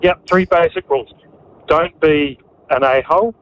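A man's voice: a little high, moderate pace. Male radio caller, plain-spoken, muffled lo-fi line with faint hiss. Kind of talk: phone call to talk radio.

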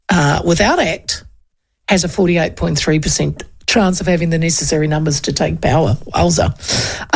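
A woman's voice: on the low side, creaky. A woman in her fifties with a New Zealand accent, hosting a talk radio show in a chatty, digressive way. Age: 50s.

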